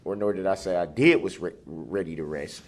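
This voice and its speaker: A man making a formal, halting statement to a judge in court, speaking deliberately and restarting words. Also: low-pitched. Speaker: defendant addressing a judge.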